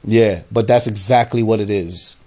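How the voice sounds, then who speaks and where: A man's voice: fairly low pitch, normal speed, darkish tone. Guy ranting on his podcast, cussing a lot, keeps saying you know what i mean, laughs at his own points. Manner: profane, repetitive, frequent "you know what I'm saying". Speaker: podcast host. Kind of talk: casual political rant.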